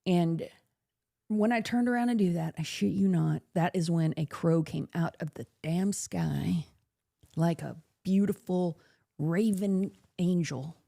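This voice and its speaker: Host, woman. Low, gravelly voice. Casual, animated storytelling with swearing and laughter. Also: a little slow. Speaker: podcast host.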